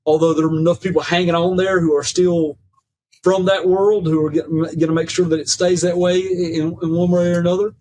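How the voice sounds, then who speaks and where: A man speaking as a podcast guest and professor, in a measured, lecturing way that mixes academic phrasing with folksy "ain't" and frequent "right?" checks. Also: high-pitched, flat delivery, mellow, low-quality recording. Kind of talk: conversational lecture.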